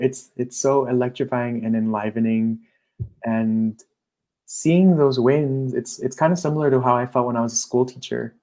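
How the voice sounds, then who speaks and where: A man, a coach and guest, talking in a casual, animated interview and acting out his clients' voices. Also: mid-range voice.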